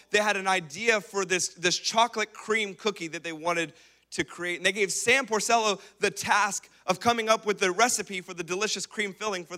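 A man preaching a sermon with humor and a chatty storytelling manner. His voice is high and bright and carries well. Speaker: pastor.

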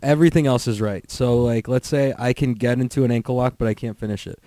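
Guy doing his podcast solo, mellow voice, dry sound, lots of "like" and cursing, just rambling. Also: mid-range voice, steady tone, fast, no echo. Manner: rambling, profane, full of "like" fillers. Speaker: podcast host. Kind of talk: casual solo podcast chat.

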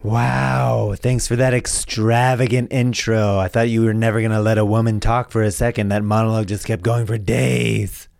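A man voicing an angsty, loudmouthed activist woman with a raspy voice, combative and ranting. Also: lowish voice, flat delivery, moderate pace, hardly any pauses. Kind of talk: improvised comedy sketch.

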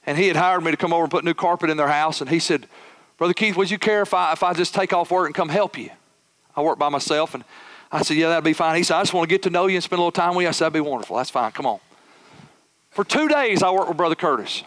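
A man preaching a sermon as a pastor, telling a personal story with animated, acted-out dialogue. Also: fairly high pitch, fast talker.

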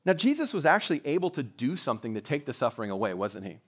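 A man's voice: medium pitch, sing-song, fast talker. A man who is a pastor, preaching a sermon in a conversational way, with rhetorical questions and joking asides.

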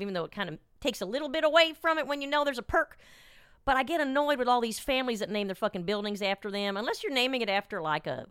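Blunt, smooth-voiced woman host. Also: mid-range voice, sharp tone, dry recording, clean studio sound. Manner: blunt, opinionated, profane, musing aloud. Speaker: podcast host. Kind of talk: casual interview chat.

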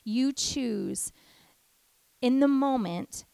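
A middle-aged woman teaching a devotional talk, an animated storyteller. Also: sits high, very slow, vocal fry, dry recording. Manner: animated storyteller who acts out family voices. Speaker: women's ministry teacher.

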